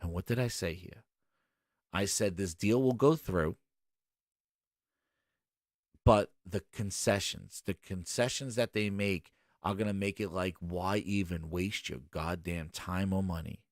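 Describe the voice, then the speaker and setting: A man's voice: deep voice, measured pace, dry recording, studio quality. A man hosting a gaming show, ranting with sarcasm and exasperation in casual commentary.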